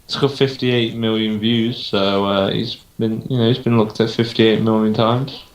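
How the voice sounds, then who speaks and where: A man's voice: on the low side, flat delivery, moderate pace. Rambling young man, roomy sound. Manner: rambling, unsure, thinks aloud with many ums. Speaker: podcast co-host. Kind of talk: casual chat. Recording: roomy home recording.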